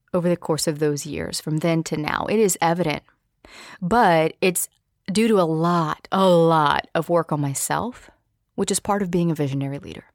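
A woman's voice: on the low side, darkish tone, no echo, studio quality. A woman hosting a solo podcast, talking candidly and expressively, with playful asides. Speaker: podcast host.

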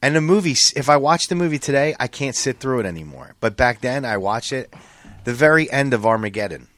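A man's voice: medium pitch, very animated, a little fast, a bit bright, no echo. A middle-aged man hosting a podcast in casual chat, profane and rambling with many restarts. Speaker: podcast host.

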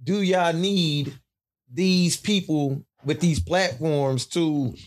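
A man's voice: fairly high pitch, slow pace. A man co-hosting a podcast, talking casually with profanity and asking baffled questions. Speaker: podcast co-host.

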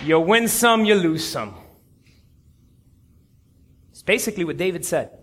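A man preaching a sermon, telling a story with animated, acted-out quotes. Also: sits high, unhurried.

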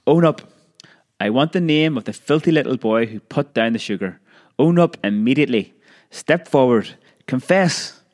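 A man voicing a stern, furious school matron who shrieks shrill commands down a corridor. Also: lively intonation, normal speed, few pauses, darkish tone, lightly acted. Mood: shrieking fury. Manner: shrill and commanding when enraged.

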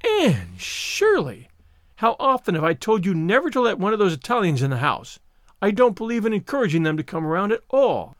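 A man's voice: sits high, huge pitch swings, brisk, dry recording, clean studio sound. A man voicing a stern scolding older woman. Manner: sharp, scolding, sarcastic.

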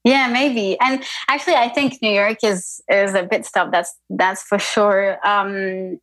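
A woman's voice: medium pitch, steady tone, a little slow, fairly bright tone, no echo. Thoughtful woman, dry close sound. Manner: attentive listener, thoughtful and hesitant when speaking. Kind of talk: casual chat.

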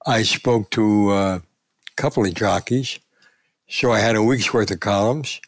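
An older man, a sportswriter, telling lively anecdotes in an interview and acting out the quotes. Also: lowish voice, unhurried, no echo. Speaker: sportswriter and columnist. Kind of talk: storytelling in a conversational interview.

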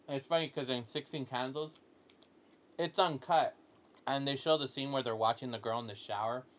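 A man's voice: medium pitch, fairly even intonation, measured pace, long pauses, a bit bright. A man hosting a podcast in casual chat, rambling with lots of "like" and frequent laughter. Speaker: podcast host.

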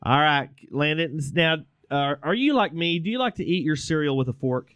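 A man's voice: on the high side, lively intonation, moderate pace, a bit bright, clear, resonant tone, no echo, lo-fi sound, soft background music. A man hosting a casual podcast, joking and self-deprecating, often stumbling over his words. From Texas, United States. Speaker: podcast host.

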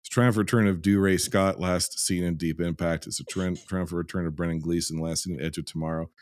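A man's voice: sits low, steady tone, a little fast, a little mellow, dry recording, clean studio sound. A man hosting a film review podcast in casual chat, with a profane, ranting, sardonic way of talking. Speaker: podcast host reviewing films.

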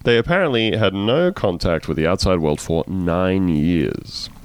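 A man's voice: sits low, animated, measured pace. A male podcast host chatting casually and reading news aloud with jokey asides.

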